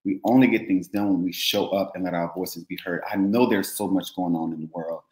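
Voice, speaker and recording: A low-pitched man delivers an emphatic, repetitive call to action, his voice bouncing around an echoey room. He speaks in an impassioned, conversational podcast style. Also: steady tone, a little fast, darkish tone. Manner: emphatic, repetitive rallying calls. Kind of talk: impassioned political commentary.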